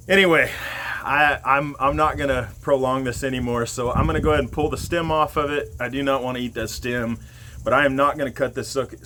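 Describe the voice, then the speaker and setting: A man vlogging casually to the camera while his mouth burns, eyes watering and nose running, talking slowly and breaking into loud whoops. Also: mid-range voice, slight background noise.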